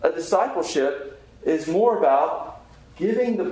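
A chaplain's voice, a little high, dark in tone, expressive and unhurried, carries through a very echoey room with faint hiss. He teaches a Bible class earnestly and conversationally, putting questions to the group.

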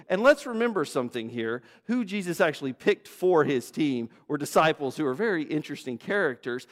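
Pastor preaching with a higher man's voice. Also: animated, fairly quick, few pauses. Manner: emphatic and repetitive, building lists of phrases; conversational asides and rhetorical questions. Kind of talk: sermon. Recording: long reverb of a large hall.

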